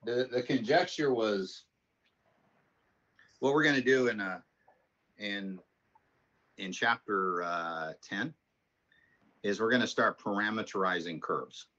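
A man's voice: on the low side, slow, pauses often, pushed and bright, dull audio. A man teaching a math class, telling rambling stories and then explaining the lesson in a casual way. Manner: rambling anecdotal storytelling. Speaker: math instructor. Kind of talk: casual classroom talk and lecture.

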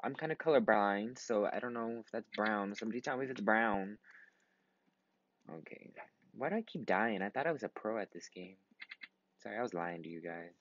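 A man's voice: on the low side, brisk, a bit bright. Young man, gaming commentary, rambling, tired, swears a lot, dull lo-fi sound. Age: 20s. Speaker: gaming vlogger. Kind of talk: casual gameplay commentary.

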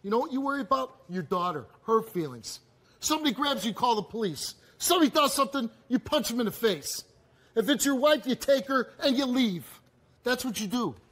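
A man hosting a confrontational talk show on a studio stage, lecturing guests with forceful repetition. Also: very high voice, expressive, fairly quick. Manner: intense, forceful, repeats phrases for emphasis.

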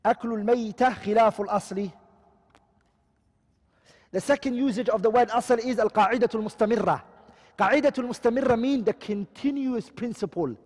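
Male teacher, high voice, lectures and quizzes students, reverberant hall sound. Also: a little fast, darkish tone. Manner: explains terms and keeps asking the class questions. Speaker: Islamic studies teacher. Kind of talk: classroom lecture.

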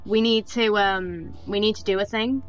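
A woman with a British accent, chatting excitably and giggling as she plays an online game with a friend. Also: medium pitch, normal speed. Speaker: gamer. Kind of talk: casual gameplay chat. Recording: lo-fi voice chat with faint game music.

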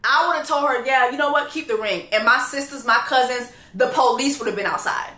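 A woman reviewing a reality dating show, ranting loudly and profanely in casual commentary. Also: sits high, brisk, reverberant. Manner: loud, profane, animated ranting.

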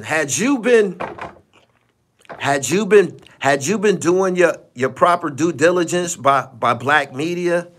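His voice is a little high with a fairly bright tone. A podcast host running a live stream, he gives casual commentary that's blunt and profane, often saying things twice for emphasis.

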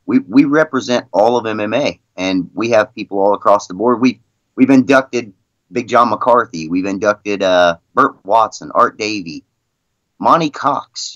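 A league president appears as a podcast guest, rambling through casual stories with plenty of "you know" and "I mean." His voice is medium-pitched and fairly bright, with no echo but a muffled recording.

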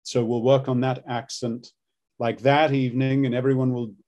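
A man explaining things in a relaxed way. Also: medium pitch, moderate pace. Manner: explains step by step with frequent ums and restarts. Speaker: accent and voice coach. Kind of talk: casual interview.

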